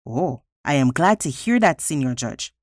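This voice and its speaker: A man's voice: on the high side, expressive, normal speed, no echo, clean studio sound, lightly acted. A woman reading as a sly cheerful villager.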